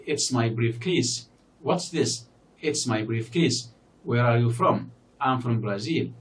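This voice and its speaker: Arabic-speaking guy teaching english, lots of uh and repeats, mid pitch, kinda far from the mic. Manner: explaining slowly, many fillers, repeats example words. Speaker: university English lecturer. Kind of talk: recorded distance-learning lecture.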